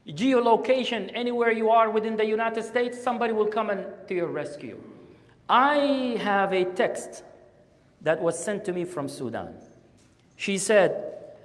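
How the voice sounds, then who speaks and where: A man giving an impassioned Friday sermon as a guest speaker at a mosque, swinging between loud urging and hushed pauses. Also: high voice. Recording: long hall reverb.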